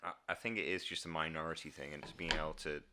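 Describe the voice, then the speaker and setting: A young man co-hosting a podcast, calmly giving steady counterpoints in casual chat. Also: rumbling low, fast, heavy background noise. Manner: calm, steady counterpoints with short agreeing murmurs. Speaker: podcast co-host.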